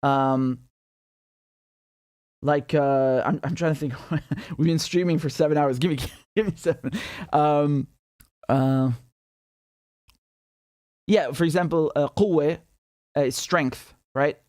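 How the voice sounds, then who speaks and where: A man's voice: on the high side, steady tone, takes it slowly, pauses often, a little mellow, dry recording, studio quality. A man from Syria hosting a casual livestream of political commentary, chatty, with frequent laughs and lots of fillers and restarts.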